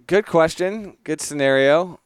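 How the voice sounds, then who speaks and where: Playful male co-host, smooth clear voice, dry close-mic sound. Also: a little high, unhurried, dry recording. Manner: playful, teasing, laughs easily. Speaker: podcast co-host. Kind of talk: casual sports podcast chat.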